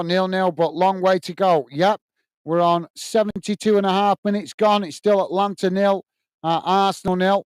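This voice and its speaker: In a relaxed live football watch-along, a UK man chats with viewers, greets them, reads their messages aloud and calls the action. He has a smooth, slightly high voice, recorded dry and close to the mic without any room sound.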